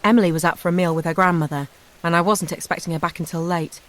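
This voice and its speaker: A woman narrating a first-person memoir audiobook in an even, measured storytelling manner. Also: lowish voice.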